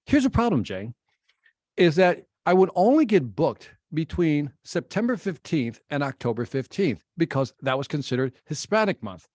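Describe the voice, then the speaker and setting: A middle-aged man from Chicago, a guest telling an animated story in an interview and acting out the exchanges he quotes. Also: a little high, normal speed, dry recording, clean studio sound. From Chicago, United States. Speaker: guest speaker.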